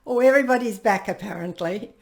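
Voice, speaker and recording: A woman leading an online workshop over a video call, lively and playful, acting out what people think to themselves. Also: mid-range voice, quick pace, vocal fry. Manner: lively, playfully acts out people's inner dialogue. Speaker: workshop facilitator.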